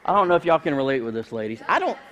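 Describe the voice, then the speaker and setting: Man, 30s, pastor, sermon, humorous storytelling, fairly high voice, wide pitch swings. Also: very animated, very fast. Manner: conversational, humorous storytelling with sudden loud bursts.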